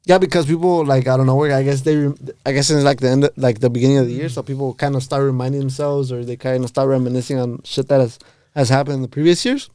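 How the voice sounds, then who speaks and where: Slangy young man, dry dark voice. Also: mid-range voice, steady tone, fast, no echo. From Los Angeles. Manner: slangy, laughing, rambling recall. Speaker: podcast co-host. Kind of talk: casual chat.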